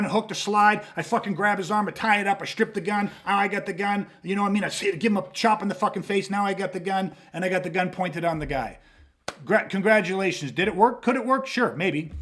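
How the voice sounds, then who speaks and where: High-voiced blunt self-defense podcast host. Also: male voice. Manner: blunt, emphatic, heavy swearing, acts out scenarios. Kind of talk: casual podcast talk.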